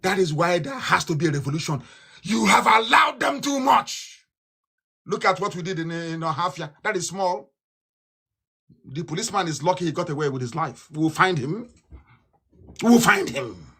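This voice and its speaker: A Nigerian man giving a fiery live broadcast speech, ranting and repeating himself, swinging between loud outbursts and low mutters. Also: lively intonation, normal speed, breathy edge. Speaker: political broadcaster.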